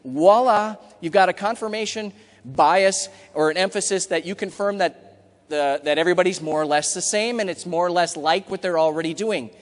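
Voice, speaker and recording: A man's voice: high voice, moderate pace. Punchy male keynote speaker, reverberant hall. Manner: punchy, emphatic delivery with acted-out customer quotes. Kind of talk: energetic conference talk. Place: large conference hall. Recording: hall reverb from a big room.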